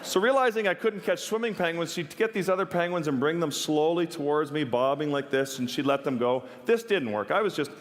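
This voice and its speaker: A man's voice: on the high side, fairly quick, few pauses, slight background noise. A man giving a stage talk, telling a personal story in an earnest, vivid way with wry humor. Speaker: wildlife photographer giving a talk. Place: stage in a large hall. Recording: long reverb of a large hall.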